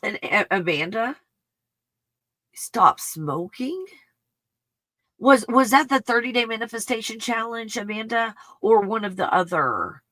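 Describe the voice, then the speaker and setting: A woman's voice: fairly high pitch, animated, unhurried, long pauses, fairly bright tone, no echo. A woman hosting a spiritual healing live stream, reading viewer comments and gushing with emotional exclamations.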